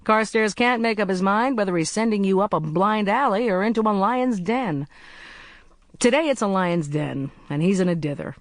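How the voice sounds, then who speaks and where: A narrator voicing a cheerful, brisk young male agent in an audiobook. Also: mid-range voice, no echo, voice pushed up, natural voice. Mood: breezy. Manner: brisk, blithe, chatty. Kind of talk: audiobook character voice.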